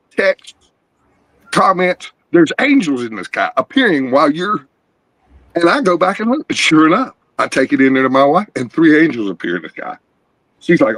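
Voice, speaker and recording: This is a middle-aged man with a drawl, sharing his life story in a rambling, earnest way. His voice sits a little higher than a typical man's. He is calling in on a video panel, and his sound is dry and close, with no room echo. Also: a bit bright. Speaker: guest caller. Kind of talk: emotional personal testimony. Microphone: video call.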